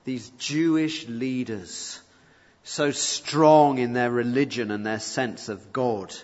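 A man's voice: medium pitch, takes it slowly, darkish tone. A man preaching a sermon, explaining a passage verse by verse with rhetorical questions and rising emphasis. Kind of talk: expository sermon. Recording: muffled reverberant hall recording.

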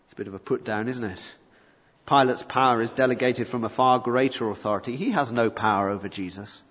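A man's voice: mid-range voice, a little fast, a bit bright, husky. A man preaching a sermon, explaining a passage verse by verse with rhetorical questions and rising emphasis. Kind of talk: expository sermon. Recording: muffled reverberant hall recording.

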